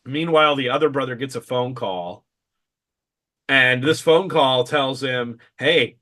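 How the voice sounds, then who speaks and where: A man with a bright, forceful voice talks through a movie's plot in relaxed podcast chat. He recaps scenes and drops dry, sarcastic asides at a middling pitch. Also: a little slow. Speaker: podcast co-host. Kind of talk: casual film review chat.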